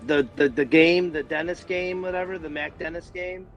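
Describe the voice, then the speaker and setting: Middle-aged male guest, a touch high-voiced, hesitant and self-mocking. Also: steady tone, normal speed, soft background music. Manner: hesitant, self-deprecating, many restarts. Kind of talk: casual livestream chat.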